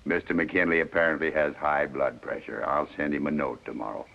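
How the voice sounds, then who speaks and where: A man's voice: rumbling low, steady tone, fairly quick, creaky. A man playing a polite, formal older company president in a 1950s film. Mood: reassuring. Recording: dull old film soundtrack.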